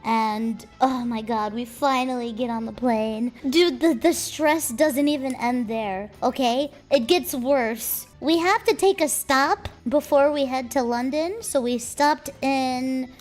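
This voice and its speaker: Young streamer girl, high voice, swears a lot telling a story, faint music behind. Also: takes it slowly, hardly any pauses. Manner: swears freely, exasperated.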